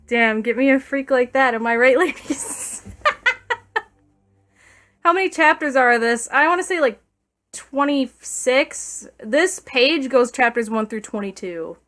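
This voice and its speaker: A woman's voice: sits high, lively intonation, takes it slowly, long pauses, fairly bright tone. A woman streamer reading a fan story aloud on stream, breaking off for sarcastic, profane asides to her chat. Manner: sarcastic, profane asides between read passages.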